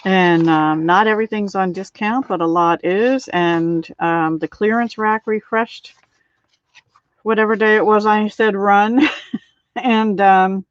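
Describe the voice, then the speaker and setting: A middle-aged woman demonstrating card making on a casual live stream, chatting with viewers by name and filling pauses with ums and little laughs. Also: medium pitch, fairly even intonation, no room sound. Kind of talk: casual live craft tutorial. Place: home craft room. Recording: dull lo-fi live stream audio.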